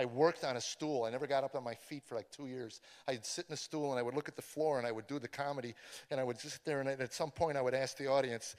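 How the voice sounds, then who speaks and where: A middle-aged man, a comedian, telling his life testimony, swinging from hushed confession to loud, animated storytelling. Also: medium pitch. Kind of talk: personal testimony speech. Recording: long hall reverb.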